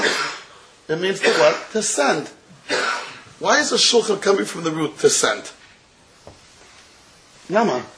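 A man's voice: on the high side, fairly bright tone, a little hiss or hum, low-quality recording. Chuckling man teaching Talmud. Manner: chuckles through his points, drawing out quoted phrases. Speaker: Torah teacher. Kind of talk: Talmudic lecture to a live audience. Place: room with listeners.

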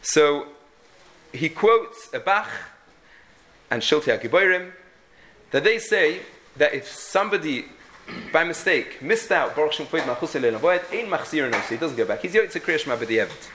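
A man's voice: fairly high pitch, lively intonation, moderate pace, bright, forceful tone, slight background noise. A man teaching a halachic lesson, thinking aloud with frequent restarts and many Hebrew and Yiddish terms. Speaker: Torah teacher.

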